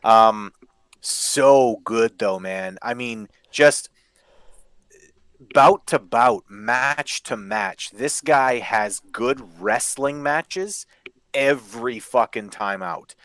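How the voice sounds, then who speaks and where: A man's voice: mid-range voice, drawn-out words, a bit bright, no echo. A man on a podcast panel gushing about wrestling in casual, profane talk. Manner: enthusiastic, profane fan talk. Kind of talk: casual wrestling review chat.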